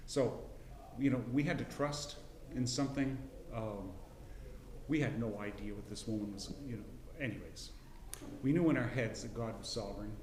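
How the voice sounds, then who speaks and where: A middle-aged man teaching a casual Bible class, folksy and rambling, with frequent restarts and throat clearing. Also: mid-range voice, normal speed, roomy sound, background noise. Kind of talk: casual Bible lesson with personal story. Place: church classroom.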